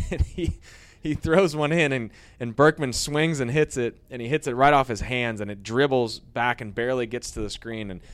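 A man, a former baseball pitcher, telling rambling anecdotes in a casual interview, growing lively as he retells old stories. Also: moderate pace.

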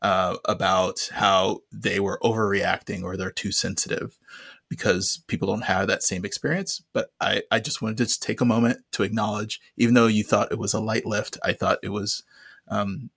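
A man co-hosting a podcast, speaking earnestly with frequent halting restarts. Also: lowish voice, steady tone, vocal fry, a bit bright, husky, no echo, clean studio sound. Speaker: podcast co-host. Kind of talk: casual conversation.

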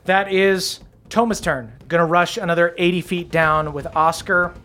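A man's voice: high voice, moderate pace, bright, forceful tone. A man running a tabletop game as game master, talking casually with fillers.

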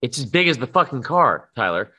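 A man's voice: mid-range voice, sing-song, brisk, sharp tone. A man co-hosting a podcast, rambling and swearing with plenty of filler words. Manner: rambling, profane, lots of "like" fillers. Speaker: podcast co-host. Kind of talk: casual podcast chat.

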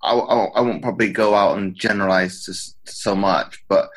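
A man hosting a podcast, chatting casually and halting often as he searches for words. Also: lowish voice, fairly even intonation, a bit bright. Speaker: podcast host. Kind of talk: casual interview chat.

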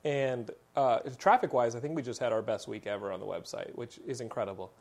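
Fast-talking man from Texas. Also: mid-range voice, vocal fry. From Texas, USA. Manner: animated storytelling, rambling and full of fillers. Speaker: podcast host. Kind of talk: casual podcast chat.

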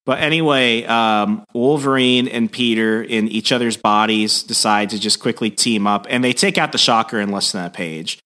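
Man, podcast host, casual comics recap, animated, bright voice. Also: lowish voice, moderate pace, hardly any pauses. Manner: animated storytelling, acting out dialogue.

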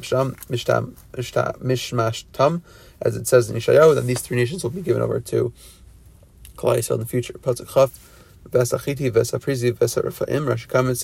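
Gravelly man teaching Rashi verse by verse. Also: mid-range voice, darkish tone, dry recording. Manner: reads Hebrew phrases then translates, with restarts. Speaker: Torah teacher.

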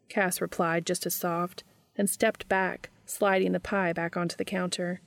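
Low gravelly woman reading a story. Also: level tone, measured pace, dry recording. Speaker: reader. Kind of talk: reading fan fiction aloud.

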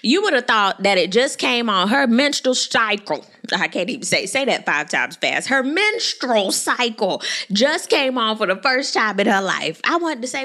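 A woman hosting her own reality TV recap show, talking in a sassy, animated way with quick asides. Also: mid-range voice. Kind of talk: casual recap commentary.

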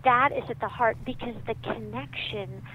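A woman's voice: a little high, normal speed. A woman guest in an interview, talking animatedly and emphatically about parenting, and acting out the voices of the people she quotes. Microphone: phone line. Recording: tinny phone line with faint noise.

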